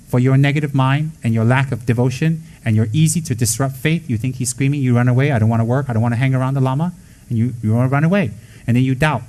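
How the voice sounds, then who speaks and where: A man teaching Buddhism in a blunt, scolding way. He mixes sharp rebukes with joking asides and briefly acts out what others would say. His pitch sits in the ordinary middle for a man. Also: quick pace, poor audio. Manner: acts out quoted voices. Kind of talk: dharma talk to students.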